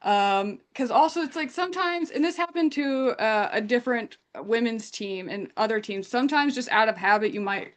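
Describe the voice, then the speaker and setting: A young woman from Canada telling a story in casual chat, animated and acting out quotes. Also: a little high, moderate pace, hardly any pauses. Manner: animated retelling with acted-out quotes. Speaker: guest storyteller.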